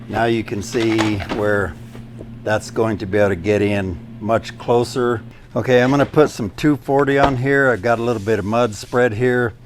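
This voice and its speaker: A man with a fairly low voice explains drywall tools in a relaxed, hands-on way, giving practical pointers step by step. He speaks indoors in a room under repair, with a faint hum of ambient noise behind him. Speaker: DIY drywall YouTuber. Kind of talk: casual tool demonstration.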